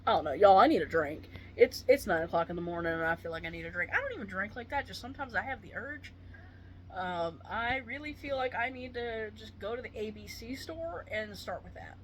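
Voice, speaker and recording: A woman who is a retired paramedic, in pain and venting to camera with swearing and dark jokes. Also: medium pitch, lively intonation, fairly quick, a little hiss or hum. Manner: swearing, exasperated, darkly joking.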